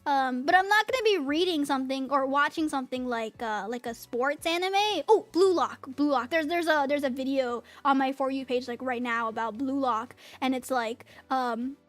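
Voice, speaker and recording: Very high-voiced giggly American woman. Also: moderate pace, hardly any pauses. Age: 30s. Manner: giggly, rambling, animated. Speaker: VTuber streamer. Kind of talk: casual ranting chat stream.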